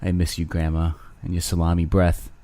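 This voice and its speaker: A man's voice: deep voice, monotone, a little fast, mellow. A man hosting his own show alone, rambling crudely with self-mocking humor. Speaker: podcast host. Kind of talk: casual solo rambling.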